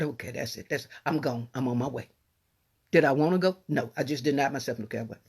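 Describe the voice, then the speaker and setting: A woman pastor preaching a sermon in a folksy, emphatic way, swinging from soft asides to raised cries. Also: sits low, slightly rough.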